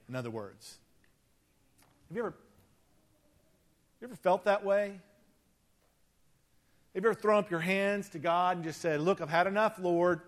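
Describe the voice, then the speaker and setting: A man preaching with a high, light voice. He talks to the congregation in a casual, conversational way and often doubles words as he begins a phrase. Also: moderate pace, long pauses. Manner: conversational, repeats words when starting phrases. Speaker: pastor. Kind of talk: sermon.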